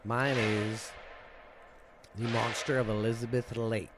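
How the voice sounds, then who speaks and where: A man, co-hosting a podcast, joking through ghost stories in a relaxed chat. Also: mid-range voice, slow pace, background noise. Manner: joking, wisecracking asides. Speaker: podcast co-host. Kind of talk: casual chat with jokes.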